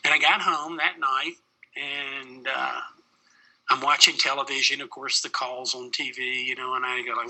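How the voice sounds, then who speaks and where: A man's voice: medium pitch, level tone, moderate pace, sharp tone, poor audio. A middle-aged man, a paramedic, telling a personal story in an interview, plain-spoken with many fillers.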